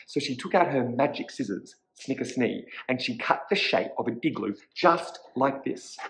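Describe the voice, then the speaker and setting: Animated man reading a children's story. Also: medium pitch, moderate pace, vocal fry, few pauses, slight background noise, rough recording.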